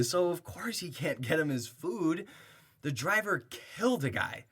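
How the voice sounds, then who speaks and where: A man's voice: on the high side, very animated, measured pace, a bit bright, husky. A young man performing rhyming spoken-word poetry with a sarcastic, heated edge and bursts of laughter.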